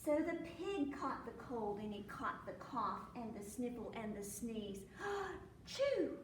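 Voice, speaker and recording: At a library storytime, a woman librarian reads a picture book to children in a lively way, acting out sneezes and animal noises. She speaks in a high voice at a slow, deliberate pace. The mic is set well back in the echoey room, and a faint hum sits underneath.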